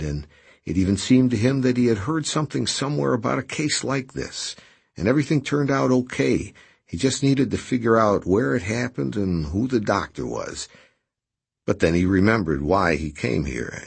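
A man narrating an audiobook in a measured, expressive way. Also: deep voice, creaky, slightly rough.

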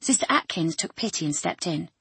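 A woman reading an audiobook in a measured, even storytelling manner. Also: fairly low pitch, gravelly, breathy edge, no room sound. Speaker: narrator. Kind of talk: audiobook narration.

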